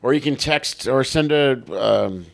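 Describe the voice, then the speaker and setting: A man co-hosting a comedy podcast, telling animated stories with swearing and frequent laughter. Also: medium pitch, unhurried, gravelly. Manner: animated storytelling, profane, laughs often. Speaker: podcast co-host. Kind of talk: casual comedic chat.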